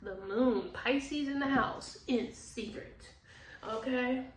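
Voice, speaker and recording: A woman's voice: high-pitched, takes it slowly. A woman giving a casual tarot reading, talking bluntly with lots of swearing and frequent laughs. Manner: blunt, profane, laughs often. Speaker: tarot reader. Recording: echoey room, distant mic, faint noise.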